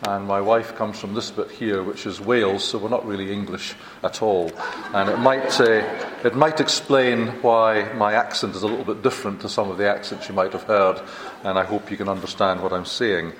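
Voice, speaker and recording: An older man with a Scottish accent giving a chatty, self-deprecating conference talk, halting and restarting as he goes. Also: on the low side, steady tone, roomy sound, crowd noise. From Scotland. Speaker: visiting university lecturer. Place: large lecture hall.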